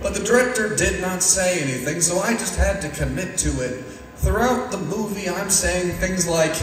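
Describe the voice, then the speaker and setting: A young man doing a self-deprecating stand-up comedy set with a deadpan delivery on stage. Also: high voice, moderate pace, slight background noise. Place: stage in an echoey venue. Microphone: picked up from a distance. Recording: echoey hall from far off.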